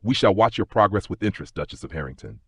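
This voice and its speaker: A man's voice: low-pitched, animated, quick pace, creaky, fairly bright tone, breathy edge, no echo, studio quality, heavily acted. A man voicing a cool, regal old queen who speaks in a formal way. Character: aging queen, regal and cool, easily bored.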